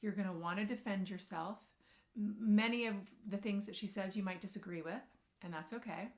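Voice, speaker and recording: A parenting coach and social worker speaks to camera, giving earnest, gentle advice directly to parents. Her voice is medium in pitch and her pace brisk.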